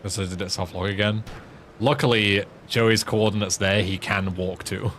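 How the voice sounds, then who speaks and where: A man with a Yorkshire accent streams a game, tossing off dry, half-mumbled asides. His voice sits fairly low. Faint game sounds run underneath. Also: steady tone, normal speed, a bit bright, slight background noise. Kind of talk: casual gameplay commentary.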